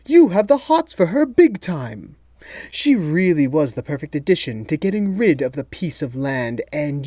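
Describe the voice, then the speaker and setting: A man voicing a gloating, theatrical male villain mastermind in a storybook reading, in a high, loud, drawn-out sneering voice. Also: dry recording, heavily acted.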